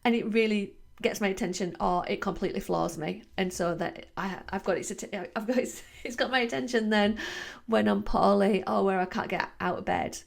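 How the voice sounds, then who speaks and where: A wellbeing coach hosts her podcast in a chatty, reflective monologue full of fillers and restarts. Her medium-pitched voice is steady, with vocal fry, and she talks at a normal speed.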